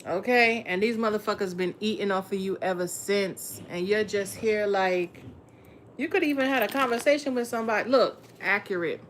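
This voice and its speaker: A woman's voice: medium pitch, moderate pace, slight background noise. Blunt, profane woman doing a tarot reading. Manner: slangy, talks straight to viewers. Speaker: tarot reader.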